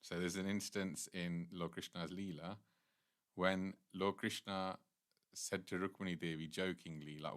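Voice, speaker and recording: A man's voice: low-pitched, flat delivery, measured pace, long pauses, fairly bright tone. A man giving a devotional class, telling a scripture story in an earnest, explanatory way and often restarting his sentences. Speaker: temple speaker.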